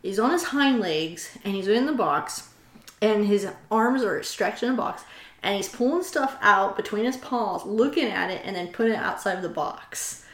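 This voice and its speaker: A woman's voice: mid-range voice, expressive, moderate pace. A woman co-hosting a podcast in casual chat, telling stories with quoted asides. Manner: chatty, storytelling with laughs and quoted asides. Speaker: podcast co-host. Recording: roomy echo.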